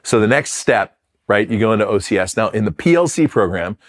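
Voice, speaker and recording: A middle-aged former Marine fighter pilot from Philadelphia, USA, tells his story in an interview, candid and self-deprecating, with restarts and fillers. His voice is lowish and animated, and he speaks a little fast.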